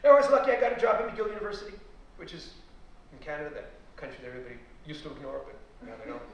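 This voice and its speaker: A middle-aged man from the United States with a New York accent, giving an animated storytelling talk to an audience as a guest historian. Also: fairly high pitch, racing, slight background noise. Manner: animated, storytelling with rising emphatic peaks. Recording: very echoey room, speaker far from mic.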